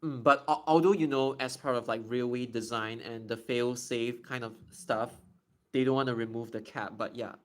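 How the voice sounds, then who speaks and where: Young male streamer, medium pitch, chatty and explanatory in a casual live Q&A. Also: fairly even intonation, fairly bright tone. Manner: chatty and explanatory, slowly stretching out demonstration words. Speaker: live streamer answering chat questions.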